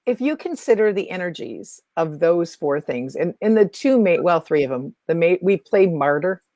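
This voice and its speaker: A woman's voice: fairly low pitch, expressive, moderate pace, dark tone, dry recording. A woman guest teaching about spiritual energy, talking emphatically and repeating key phrases. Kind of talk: teaching talk.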